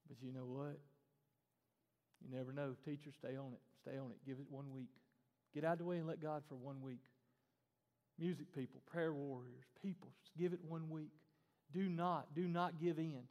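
A man delivers a sermon, lively and animated, slipping into the voices of the people he quotes. His voice sits high for a man. It carries through a big room that rings with a long echo. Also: normal speed. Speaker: pastor.

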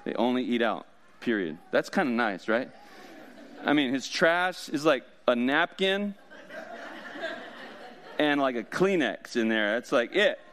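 A man's voice: mid-range voice, very animated, a little slow, long pauses, a bit bright. A man preaching a sermon as pastor, in a casual, joking way with frequent laughs.

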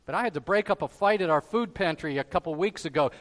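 A man preaching a sermon as pastor, stressing some phrases loudly and dropping to quiet asides on others. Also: on the high side, fast talker, long reverb tail. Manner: emphatic preaching, swinging between loud stresses and quiet drops.

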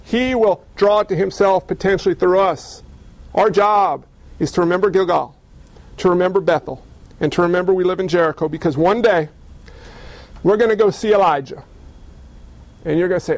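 A man's voice: sits high, fairly quick, pauses often, dry recording, rough recording. A man preaching a sermon as pastor, conversational and emphatic, with playful asides.

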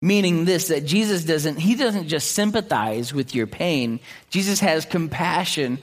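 A man preaching a sermon in an earnest way, often restarting his words and clearing his throat. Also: on the high side, lively intonation, a little slow. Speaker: pastor.

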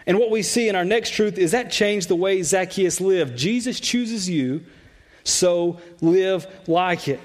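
A man with a high-pitched voice preaches a sermon to his congregation. His delivery is conversational and loose, with repeated words and frequent "like". He sounds like a pastor talking straight to the people in the room. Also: measured pace. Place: church sanctuary.

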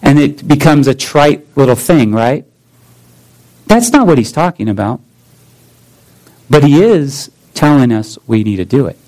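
A man in his thirties preaching a sermon as pastor, deliberate, with repeated phrases and rhetorical questions. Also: mid-range voice, darkish tone, low-quality recording.

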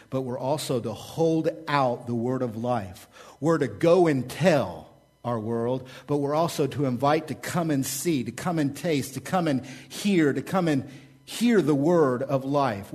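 Male pastor, sermon delivery, mid-pitched voice, energetic, repetitive rhetorical style.

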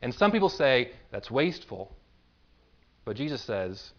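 A man's voice: medium pitch, sing-song, unhurried, highs cut off. A male pastor preaching a sermon, emphatic and self-deprecating, stacking words up to a point. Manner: emphatic, building lists to a peak, with self-deprecating humor.

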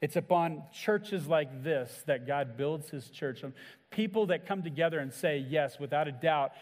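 A man delivers a sermon from the pulpit, his voice a touch higher than most men's. He preaches earnestly, and his voice swells or falls quiet as he acts out quoted words. A long reverb from the church hall trails behind each phrase. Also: a little slow. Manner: earnest preaching, acts out quoted lines with shifts in pitch and volume. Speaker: pastor.

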